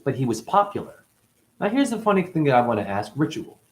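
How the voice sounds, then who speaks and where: A man in his forties rambles through a livestream, swearing freely and jumping from thought to thought. His voice is lively, leaping up high and dropping back to a mid-range tone. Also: a little fast. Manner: profane, rambling, jumpy pitch swings. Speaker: host.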